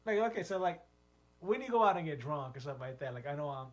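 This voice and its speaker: A man's voice: fairly high pitch, animated, fast. Rambling male podcast co-host. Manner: rambling, lots of "like", laughs often. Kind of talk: casual comedic chat.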